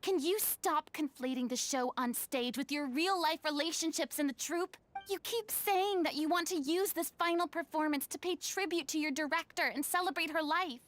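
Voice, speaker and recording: A woman's voice: high voice, normal speed, few pauses, a bit bright. An actress voicing a young woman who firmly lectures a quarreling stage troupe in a game scene. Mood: stern. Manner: firm, lecturing. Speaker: troupe mediator. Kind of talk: game voice acting. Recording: game music underneath. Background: music.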